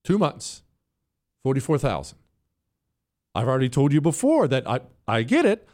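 A man's voice: medium pitch, wildly swooping pitch, normal speed, a little mellow. A man hosting a talk radio show, giving an emphatic, ranting opinion monologue and mocking the people he quotes. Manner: mimics others in whiny quotes.

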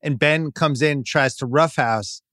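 A man's voice: a little high, a little slow, fairly bright tone, no echo, studio quality. A man co-hosting a casual sports podcast, talking bluntly and swearing freely. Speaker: podcast co-host.

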